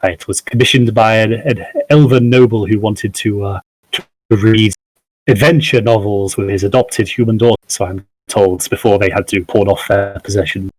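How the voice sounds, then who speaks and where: A man's voice: on the low side, fairly even intonation, normal speed, a little mellow, dry recording, natural voice, poor audio. A man voicing a sleepy, chatty elderly male curio merchant with rambling, filler-laden sales patter. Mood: salesy.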